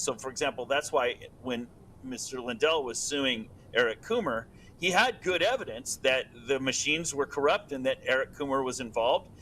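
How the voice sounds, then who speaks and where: A man's voice: medium pitch, pushed and bright, a little hiss or hum, rough recording. A man as a guest expert, explaining points with stammering restarts. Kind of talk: casual interview.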